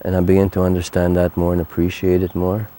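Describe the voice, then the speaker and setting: Older guy, really low steady voice, earnest heartfelt testimony, kinda mellow. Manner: earnest, heartfelt, unhurried storytelling. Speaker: interview guest. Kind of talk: personal faith testimony.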